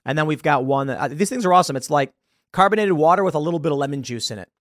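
Animated man ranting on a podcast. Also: a little high, rapid-fire, no echo, clean studio sound. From United States. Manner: animated, exasperated, laughs often, repeats words. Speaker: podcast host. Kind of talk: opinion commentary rant.

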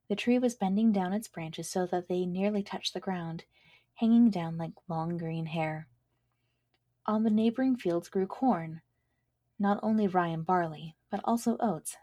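A woman reading fairy tales aloud as a storybook narrator, in a gentle, measured storytelling manner on a close mic. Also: mid-range voice, no room sound. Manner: gentle, measured storytelling with quick casual asides. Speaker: storybook reader and podcast host.

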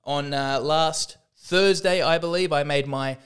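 A man's voice: on the high side, measured pace, a bit bright, smooth. A man hosting a podcast, delivering a rambling, self-deprecating comedic monologue with frequent restarts. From Australia. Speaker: podcast host.

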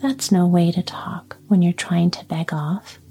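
A jolly storybook pumpkin who leads the vegetables and talks his way out of trouble, whispered by a woman. This whispered role-play voice is slow and mellow, coaxing rather than loud. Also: on the low side, fairly even intonation, soft background music. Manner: coaxing, winning. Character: jolly, persuasive talking pumpkin leader, male.

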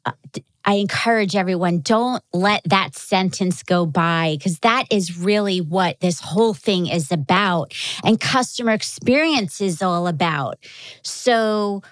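A woman hosting an interview, asking questions in a measured, encouraging way. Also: medium pitch, lively intonation, no echo. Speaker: host. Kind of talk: podcast interview.

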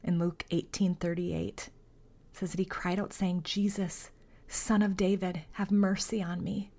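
A woman's voice: medium pitch, level tone, takes it slowly, long pauses, dark tone. Earnest woman hosting a faith podcast. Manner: earnest, heartfelt, conversational; reads scripture, then prays aloud. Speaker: podcast host.

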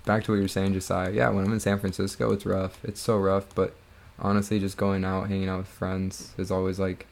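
A man's voice: low-pitched, monotone, brisk, gravelly, few pauses. A young man co-hosting a podcast, chatting in an easygoing way and cracking jokes. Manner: easygoing, joking interjections. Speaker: podcast co-host. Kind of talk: casual chat.

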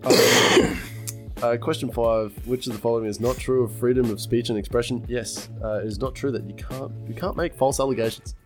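A man's voice: mid-range voice, steady tone, a little fast. A young Australian man with a mid-range voice co-hosts a casual podcast. He reads out quiz questions, cracks up often and swears freely. Faint music plays underneath. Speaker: podcast co-host.

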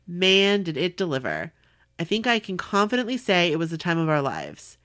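A woman podcast host in casual chat, reading a listener's letter aloud with animated warmth. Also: on the low side, normal speed. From Southern California. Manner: warm, animated reading with laughs.

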